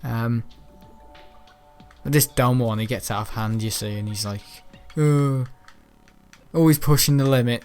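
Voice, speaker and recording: A young man who is ill, chatting in a rambling way with many ums during gameplay commentary. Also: mid-range voice. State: ill, unwell. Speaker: gaming channel host.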